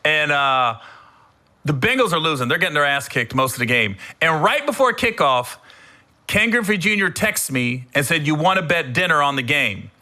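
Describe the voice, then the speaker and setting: A middle-aged man hosting a podcast, telling funny stories in a casual, animated way, acting out his own shouting. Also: on the high side, normal speed. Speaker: podcast host. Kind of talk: casual storytelling monologue.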